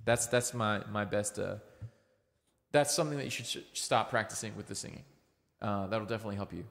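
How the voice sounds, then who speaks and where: A young Australian man chatting casually on a livestream, giving relaxed, rambling singing tips with plenty of ums. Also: fairly low pitch, a little fast, gravelly. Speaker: livestreaming singer and guitarist. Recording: reverby room with guitar behind. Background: guitar playing.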